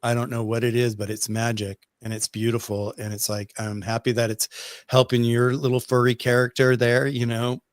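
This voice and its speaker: Guy rambling excitedly on a video call, mid pitch, dry close sound. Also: moderate pace, no room sound. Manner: rambling, enthusiastic storyteller. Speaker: guest, pet herbal company representative. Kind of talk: casual video chat.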